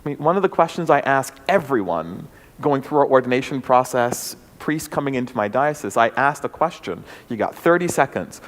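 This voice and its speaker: A man's voice: mid-range voice, animated, fairly quick. A man, a bishop, giving an earnest, reflective talk to a forum audience, with frequent "um"s and small restarts. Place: church forum hall. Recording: long hall reverb.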